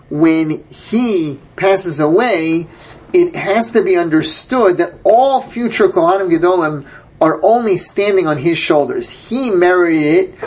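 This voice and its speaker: A man's voice: a little high, slightly rough. A man teaching a Torah class, reading verses aloud and then translating and explaining them. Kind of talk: Bible class lecture.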